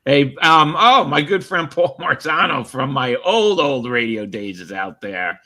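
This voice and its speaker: Bright-voiced male host. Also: mid-range voice, lively intonation, unhurried. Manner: upbeat, wraps up with announcements. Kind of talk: live show hosting. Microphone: video call.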